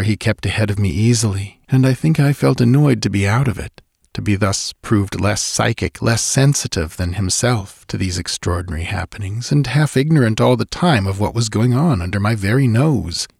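A man narrating a literary story in the first person, measured and somber. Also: fairly low pitch, gravelly, a little mellow, slightly rough, no room sound, studio quality. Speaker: audiobook narrator. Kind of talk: scripted narration of a literary tale.

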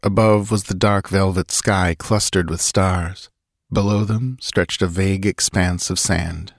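A man reading an adventure story aloud in a steady, measured narration. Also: low voice, creaky, no room sound, clean studio sound. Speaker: audiobook narrator. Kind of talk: scripted narration.

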